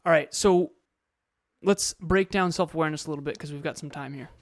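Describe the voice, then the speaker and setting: A man's voice: a little high, a little fast, no room sound. A man co-hosting a casual podcast, upbeat and affirming, steering the chat. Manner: upbeat, affirming, laughs easily. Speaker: podcast co-host.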